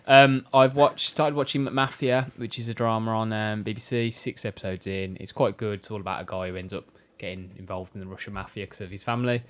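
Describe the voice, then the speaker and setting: Guy reviewing stuff on a podcast, low voice, a bit halting. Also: fairly even intonation. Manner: halting, hesitant recommendations. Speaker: podcast co-host, movie reviewer. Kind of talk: casual chat.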